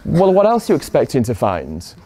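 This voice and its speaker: Mellow-voiced man giving a persuasive talk. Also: mid-range voice, wildly swooping pitch, brisk. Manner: poses rhetorical questions to the audience; speaks directly to listeners in a room. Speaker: speaker addressing an audience.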